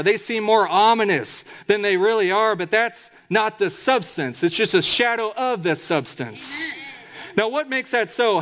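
A man preaching a sermon as pastor, emphatic, slowing right down to draw out scripture quotes. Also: high voice, fairly bright tone.

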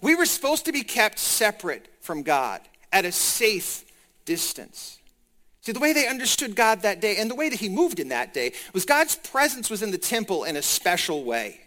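A male preacher delivering a sermon in a high, bright voice. He is animated and keeps asking the congregation questions as he explains the scripture. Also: moderate pace. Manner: animated, talks to the congregation directly.

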